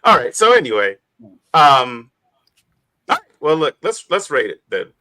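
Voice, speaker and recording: A man hosts a relaxed panel chat, his voice bright and animated, sitting a touch high. He laughs easily and leans on "like" between thoughts. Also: unhurried. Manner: laughs often, heavy use of "like". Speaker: podcast host.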